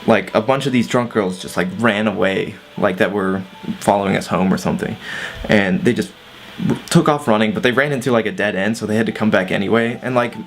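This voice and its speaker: Low-voiced man telling a story, swearing. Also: fairly quick, a little hiss or hum. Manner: laid-back, swears, lots of fillers. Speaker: vlogger. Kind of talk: casual storytime vlog.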